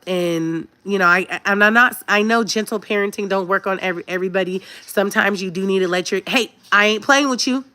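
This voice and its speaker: A woman's voice: mid-range voice, pushed and bright. A woman, giving parenting advice to her viewers in a chatty, emphatic way. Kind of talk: casual direct-to-camera advice talk.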